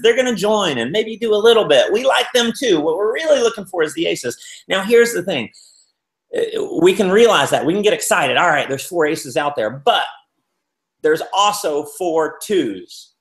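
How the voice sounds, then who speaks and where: A man's voice: high voice, normal speed. A man giving a motivational business talk, telling stories and acting out the people in them. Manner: animated storyteller acting out quotes. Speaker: business speaker. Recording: roomy echo.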